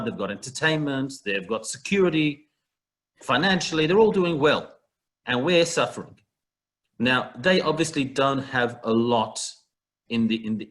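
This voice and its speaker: A man's voice: medium pitch, fairly bright tone. A man teaching a Talmud passage in an online class, talking it through in a conversational way with everyday comparisons, heard over a video call. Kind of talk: online text study class.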